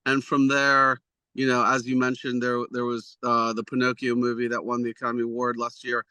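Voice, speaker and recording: A man's voice: mid-range voice, monotone, fairly quick, sharp tone, smooth, no room sound. A man, an executive producer, answering interview questions in a rambling, self-deprecating way with many restarts.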